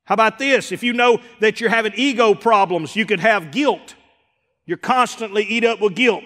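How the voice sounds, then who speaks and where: High-voiced pastor preaching in a hall. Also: male voice, normal speed, fairly bright tone. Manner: preacher acting out quoted voices, rising and dropping in volume. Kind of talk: sermon. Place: church sanctuary.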